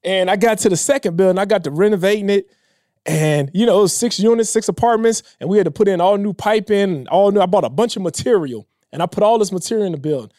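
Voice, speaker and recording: Man, high voice, dark mellow tone, casual emotional storytelling, dry close mic. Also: quick pace, dry recording. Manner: emotional, drops low and quiet when quoting others. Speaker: podcast guest.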